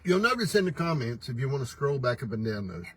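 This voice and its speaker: A man's voice: medium pitch, big pitch swings, quick pace, slightly rough, low-quality recording. An older man hosting a casual morning livestream, folksy and teasing, laughing often as he talks. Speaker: host. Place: pickup truck.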